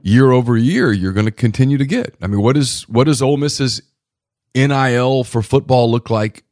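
A man's voice: mid-range voice, moderate pace, a little mellow, dry recording, clean studio sound. A man co-hosting a sports podcast in casual chat, musing and thinking aloud with many restarts.

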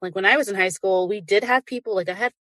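A woman's voice: medium pitch, fast talker, fairly bright tone, no room sound, clean studio sound. A woman hosting a live podcast chat with a stuffy, congested voice, chatty and laughing often with lots of fillers. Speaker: podcast host.

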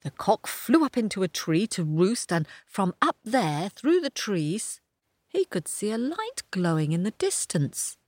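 Expressive woman storyteller for children, lively pitch, dry close sound. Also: a little slow, no echo. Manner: expressive, sing-song. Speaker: storyteller host.

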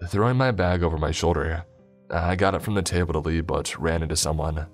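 A man narrating a first-person story in a measured storytelling delivery. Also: extremely low pitch, little pitch movement, faint music behind.

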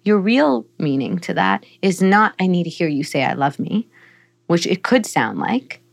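A woman guest on a podcast, calmly explaining parenting ideas and modeling gentle phrases to use with a child. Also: fairly low pitch, normal speed, creaky. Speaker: psychologist guest. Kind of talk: podcast conversation, giving parenting advice.

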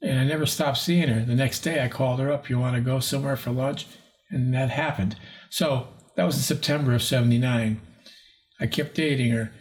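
A man's voice: medium pitch, fairly quick. A man in his sixties, a paranormal investigator, telling a rambling story in an interview and acting out the people he quotes. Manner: rambling, acts out quoted voices.

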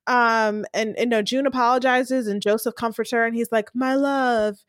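A woman co-hosting a casual recap podcast, talking in a lively way and acting out characters' lines as she retells scenes. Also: on the high side, normal speed, dry recording, clean studio sound. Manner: animated, acts out characters' lines while retelling. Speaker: podcast co-host recapping a TV episode. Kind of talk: casual chat.

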